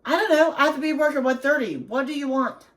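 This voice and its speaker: A woman telling stories and acting out an improvised doorstep scene, animated and bossy as she directs it. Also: high voice, quick pace. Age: 30s or older. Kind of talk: casual chat and improvised role-play. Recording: noisy home recording.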